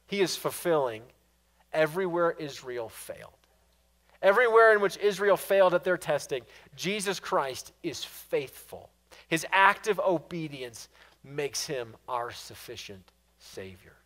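A man preaching a sermon, swinging from loud, pressing questions to hushed, quiet endings. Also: on the high side, animated, measured pace. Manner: dynamic preaching, rising to loud questions and dropping to hushed asides. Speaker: pastor.

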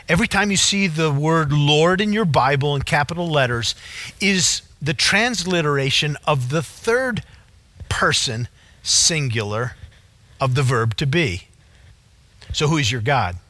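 Bright-voiced male pastor preaching earnestly. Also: on the high side, expressive, unhurried, dry recording. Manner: earnest preaching, emphatic repetition. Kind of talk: sermon.

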